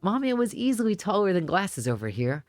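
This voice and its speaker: A man voicing a teenage schoolgirl in a visual novel, sounding sharp and incredulous. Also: high-pitched, very animated, brisk, dry recording. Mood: indignant.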